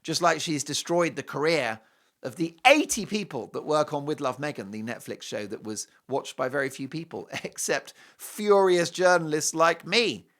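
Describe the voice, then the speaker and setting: A man's voice: on the high side, animated, normal speed, a bit bright. Sarcastic man hosting a TV show. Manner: sarcastic, mocking, emphatic. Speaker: TV show host. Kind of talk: opinionated TV commentary monologue.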